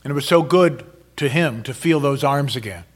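A man narrating a story in a measured, dramatic reading style. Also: medium pitch.

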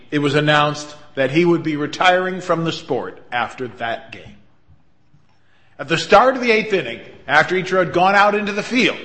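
Male pastor, earnest storyteller, bright and forceful tone. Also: fairly high pitch. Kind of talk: sermon.

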